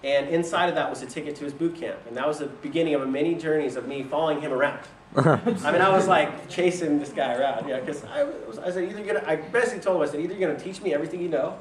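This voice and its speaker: A young man tells a casual story, laughs often, and acts out what other people said. His voice sits fairly high. He is recorded from a distance in an echoey room with faint ambience behind him. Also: fast talker, few pauses, a little hiss or hum. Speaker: speaker telling his business story. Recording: roomy echo from a distant mic.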